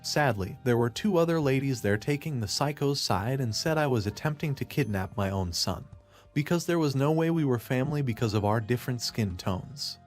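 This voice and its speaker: A man narrating a first-person story in a plain, steady way. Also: medium pitch, moderate pace, soft background music.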